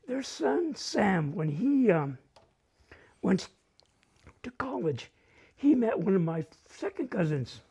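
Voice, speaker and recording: Husky man with a northern New Mexico accent. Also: sits high. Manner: animated and humorous, mixing Spanish phrases. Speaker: storyteller at a community open mic. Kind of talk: casual personal storytelling.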